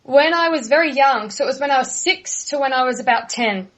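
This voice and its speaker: A woman's voice: high voice, brisk, a bit bright. Friendly young Australian woman, lo-fi. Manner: friendly, laughs easily. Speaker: guest. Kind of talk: casual interview answers.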